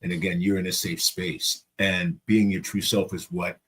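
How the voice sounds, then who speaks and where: A man hosting an interview, calm and reassuring, sometimes clearing his throat. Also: deep voice, moderate pace. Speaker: interview host.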